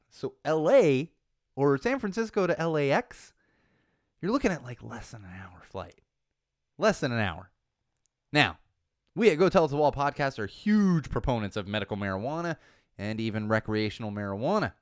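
Podcast host, man, chatty sarcastic ranter, smooth clear voice. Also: mid-range voice, no room sound, studio quality. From California. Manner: animated, sarcastic, rambling with many asides. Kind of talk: casual podcast rant.

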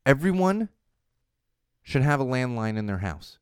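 A man in his thirties hosts a casual live-streamed talk show in a smooth, resonant voice of middle pitch. He rambles in a chatty way and keeps restarting his sentences. The sound is dry and close. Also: big pitch swings, measured pace, no echo. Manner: chatty, rambling, self-interrupting. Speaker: show host. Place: studio in Los Angeles.

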